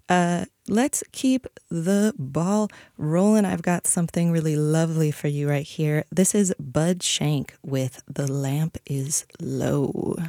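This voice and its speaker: A woman radio DJ back-announcing a music set in a relaxed, easy way, with soft breathy asides, on a studio mic. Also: low-pitched, no room sound. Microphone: studio broadcast mic.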